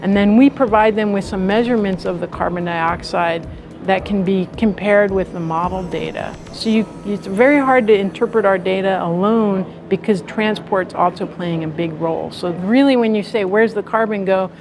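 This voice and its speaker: A woman with a West Coast American accent answers interview questions as a mission scientist. She talks in a clear, patient way and builds up her points one step at a time. Music plays clearly behind her. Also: medium pitch, normal speed.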